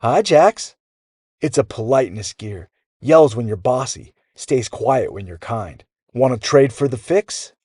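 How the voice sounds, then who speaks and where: A man voicing a cheerful, clever young boy inventor who speaks softly and playfully. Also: mid-range voice, animated, unhurried, breathy edge, no room sound, clean studio sound. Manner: soft, playful and easygoing.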